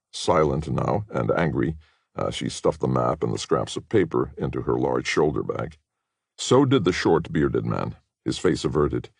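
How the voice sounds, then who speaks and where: A man reading a spy novel as an audiobook narrator, measured and expressive. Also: rumbling low, vocal fry, slightly rough, no room sound, clean studio sound. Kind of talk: scripted narration.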